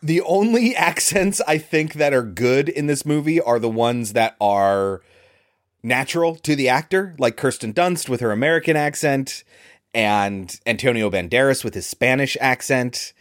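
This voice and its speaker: A man's voice: medium pitch, expressive, moderate pace. A man co-hosting a podcast, chatting casually and bluntly about a movie. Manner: opinionated, blunt. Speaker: podcast co-host. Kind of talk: casual movie review chat.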